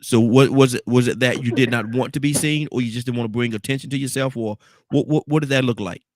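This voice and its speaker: A man's voice: medium pitch, quick pace, a little hiss or hum. A man hosting a radio talk show, affirming callers and asking questions. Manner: steady affirming, prompting questions.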